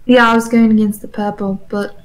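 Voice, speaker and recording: A woman's voice: mid-range voice, little pitch movement, a little fast, rough recording. Woman unsure of the game rules. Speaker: player. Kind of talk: casual chat at a game table.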